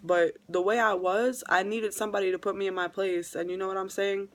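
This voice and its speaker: A woman's voice: mid-range voice, steady tone, fairly quick, few pauses. New woman, vlogger, heartfelt testimony delivery, repeats herself for weight. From New York. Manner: emotional, repeats phrases for emphasis. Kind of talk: earnest religious testimony vlog.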